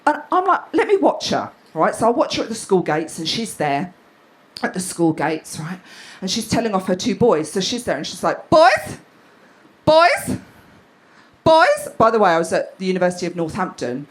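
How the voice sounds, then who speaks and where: A woman's voice: lowish voice, animated, fairly quick, slightly rough. A woman doing a stand-up set on a club stage, blunt and sweary, often laughing as she talks. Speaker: stand-up comedian.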